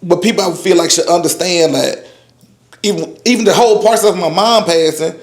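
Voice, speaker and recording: Speaking briskly in a high voice, a roundtable guest in his forties talks in a loose, rambling way, often tossing in "you know what I'm saying." The room he's in echoes.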